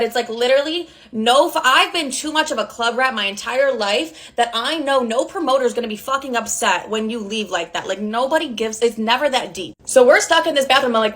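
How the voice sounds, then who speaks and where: A woman's voice: on the high side, a bit bright. A young woman telling a story in a casual, breathless way, full of "like" and swearing. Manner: fast, breathless, heavy on "like" and swearing.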